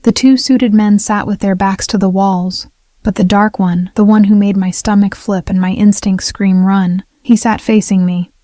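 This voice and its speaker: A woman narrating a dramatic first-person story in a steady, even way. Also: medium pitch, moderate pace, no room sound, studio quality.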